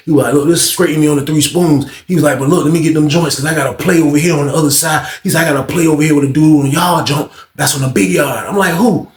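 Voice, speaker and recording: A man's voice: on the high side, quick pace, few pauses. A man telling a story in casual, slang-heavy talk, acting out the scenes with sound effects and swearing freely. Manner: animated, acts out scenes with sound effects and voices. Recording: roomy echo.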